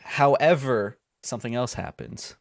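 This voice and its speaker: A man narrating a tabletop role-playing game as game master, animated and quick to laugh. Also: mid-range voice, vocal fry, no echo, clean studio sound.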